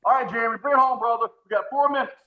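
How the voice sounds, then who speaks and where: A man's voice: very high-pitched, rapid-fire, narrow, tinny audio. A man coaching a live webinar on sales presentations, who talks with energy, repeats his phrases and calls on attendees by name.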